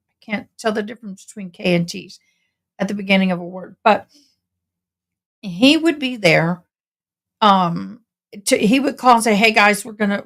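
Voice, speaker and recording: A tired woman, chatting casually and rambling to viewers on a home livestream. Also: medium pitch. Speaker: livestream host commenting on a trial.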